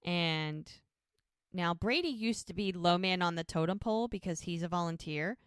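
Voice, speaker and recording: A woman's voice: fairly low pitch, moderate pace, smooth, no room sound, studio quality. A woman co-hosting a podcast, casually retelling scenes and quoting the characters as she goes. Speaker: podcast co-host. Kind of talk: casual recap chat.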